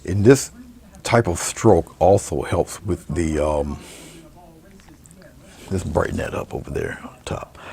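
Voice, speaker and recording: A man giving a painting demonstration, talking through each brushstroke in a relaxed, murmured way. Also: sits low, gravelly. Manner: relaxed, murmured step-by-step commentary while painting. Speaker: painting instructor.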